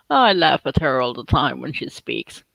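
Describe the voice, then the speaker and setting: A woman's voice: low voice, vocal fry, a bit bright, dry recording, rough recording. A woman from Sweden, chatting casually and teasingly on a livestream, giggling often. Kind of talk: casual chat.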